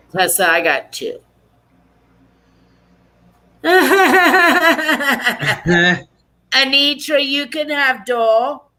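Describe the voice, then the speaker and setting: Woman hosting a group video call, bright voice, chatty and teasing. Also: high-pitched, very animated, very slow, pauses often, rough recording. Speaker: support group host. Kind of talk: casual meeting chat. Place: online video meeting.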